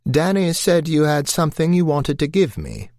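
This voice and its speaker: Stern, probing older woman, raised high and sharp, voiced by a male narrator. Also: very animated, normal speed, no room sound, studio quality. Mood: suspicious. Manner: calling out, questioning sharply.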